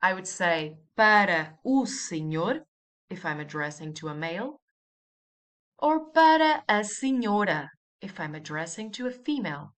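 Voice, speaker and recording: A woman's voice: lowish voice, lively intonation, a little slow, fairly bright tone. A woman teaching a language lesson, patiently repeating each example and asking the listener to say it after her.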